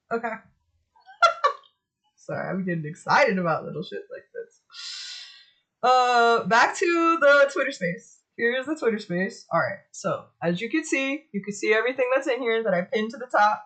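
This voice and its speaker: Her voice is a little high and fairly bright, with lively intonation and a slightly slow pace. Streaming live as a young adult woman, she fixes her setup while chatting profanely, muttering to herself over the tech and singing little ditties softly.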